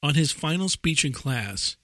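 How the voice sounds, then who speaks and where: A man's voice: fairly high pitch, lively intonation, unhurried, a bit bright, no echo, studio quality. A man co-hosting a podcast, rambling casually and laughing often as he tells stories. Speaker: podcast co-host.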